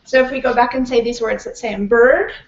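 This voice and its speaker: A woman teaching a pronunciation workshop, modeling words slowly and checking in often with her class. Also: fairly high pitch, fairly even intonation. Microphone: distant room mic. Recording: echoey classroom from far off, dull and slightly noisy.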